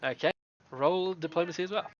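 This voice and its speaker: A game master, relaxed and quick to laugh, narrating a tabletop game. The recording is dull and dry, with a lo-fi edge and no room sound. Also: medium pitch, no room sound.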